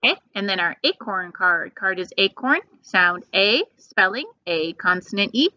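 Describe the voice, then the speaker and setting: A woman teacher leading a phonics lesson for young children, drawing each sound out slowly and patiently. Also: mid-range voice, expressive, pushed and bright, no echo. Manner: slow, patient, drawn-out sounds. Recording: dull lo-fi sound.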